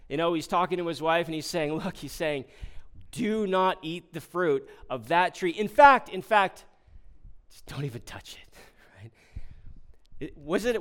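A man's voice: high-pitched, smooth. A man preaching a sermon on scripture, asking rhetorical questions and acting out quoted lines with shifting emphasis. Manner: expressive, rhetorical questions, voices the serpent in quotes.

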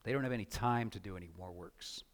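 A man preaching a sermon as pastor, earnest, building to loud emphatic passages. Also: lowish voice, fast talker.

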